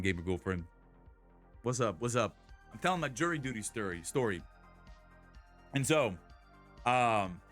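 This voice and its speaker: A man's voice: mid-range voice, fairly bright tone. A young man streaming live and telling a story in casual, rambling chat. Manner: rambling, many restarts and laughs.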